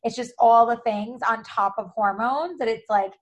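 A woman's voice: on the high side, moderate pace. A heavily pregnant woman hosting a casual chat, rambling with many likes. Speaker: podcast host. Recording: dull muffled audio.

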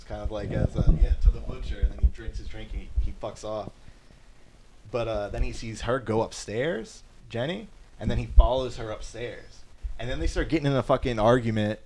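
A man's voice: fairly low pitch, normal speed, mellow, slight background noise. Rambling casual man recapping a movie. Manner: rambling, swears freely, acts out quotes. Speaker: podcast co-host.

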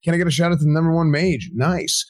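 Fast-talking man reading donations. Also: on the high side, fairly even intonation, no echo. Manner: rattles off names and amounts, joking. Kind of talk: fast donation shout-outs on a charity stream.

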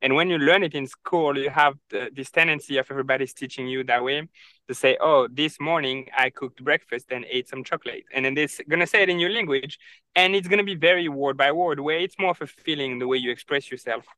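A young man from France with a French accent, telling stories with animated energy as a podcast guest. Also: on the high side, fast, no echo, poor audio. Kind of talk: casual interview chat.

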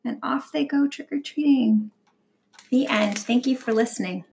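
A woman reading a picture book aloud to her child at home, expressive and animated, stopping to ask the child questions. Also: fairly high pitch, moderate pace, gravelly, a little hiss or hum.

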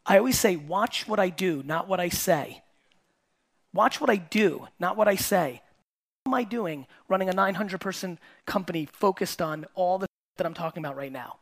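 A middle-aged man giving a blunt, fast-paced keynote talk to a live audience. He swears, repeats his points for emphasis, and speaks as a company founder and host. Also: high voice. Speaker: entrepreneur and host.

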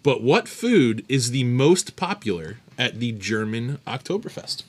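A man runs a trivia round on a casual podcast, reading the questions and answer options aloud. His pitch swings widely, and he jokes and laughs easily with his co-hosts. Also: very animated, unhurried, slightly rough. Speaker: quiz host of a podcast. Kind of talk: casual chat.

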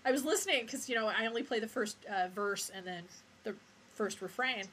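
A woman's voice: on the high side, fairly quick, fairly bright tone, a little hiss or hum. A young woman co-hosting a podcast in crude, frank, giggly casual chat. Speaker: podcast co-host.

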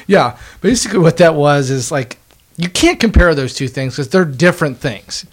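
A man's voice: a little high, lively intonation, normal speed. A man in his twenties telling a long story in casual podcast chat, joking and laughing often. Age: 20s. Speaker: podcast co-host.

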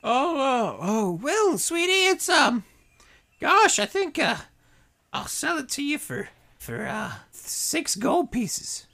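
Man doing a high, sing-song old hag trader; sweet-talking, pushy, very lively pitch. Tabletop game role. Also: slow, exaggerated voice. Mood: haggling. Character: sugary old female hag shopkeeper, pushy haggler.

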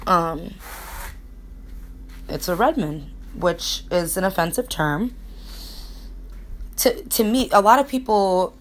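A woman's voice: lowish voice, lively intonation, slow, long pauses. A young woman from Connecticut telling a personal story in a casual, rambling way, candid and emotional, swearing freely. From Connecticut, USA. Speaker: vlogger.

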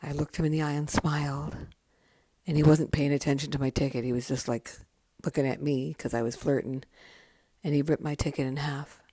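Brief: woman, 50s, deep voice, casual podcast memoir, frank and foul-mouthed, dry close recording. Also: fairly even intonation, a little fast, warm tone, husky, no room sound. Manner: candid, profane and chatty. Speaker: podcast host.

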